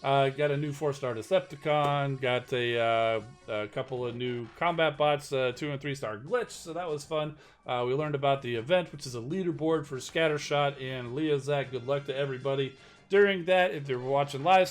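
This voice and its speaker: Easygoing man chatting on a game stream. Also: mid-range voice. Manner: easygoing, self-deprecating and chatty. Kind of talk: casual live-stream chat.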